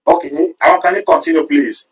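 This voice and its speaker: A man hosting a live stream, reading viewer comments aloud and tallying their votes in an animated way. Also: fairly high pitch, fairly quick, distant mic, rough recording. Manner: animated, switching between Yoruba and English, counting votes aloud. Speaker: livestream host.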